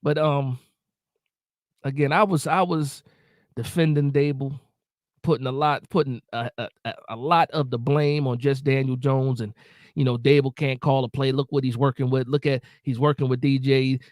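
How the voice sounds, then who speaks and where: This man speaks at normal speed in a medium, slightly mellow voice with fairly even intonation, in clean studio sound with no echo. Hosting a live post-game reaction stream, he rants emotionally, repeats himself, and reads and answers live chat.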